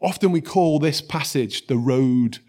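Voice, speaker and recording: A man, preaching a sermon in a lively storytelling way and dropping to soft, quiet tones for scripture. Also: mid-range voice, measured pace.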